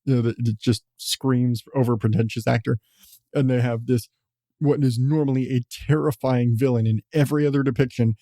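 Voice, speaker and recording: A podcast host chats casually, rambling along with frequent swearing and chuckles. His voice is medium-pitched and dark. The sound is clean studio audio with no echo.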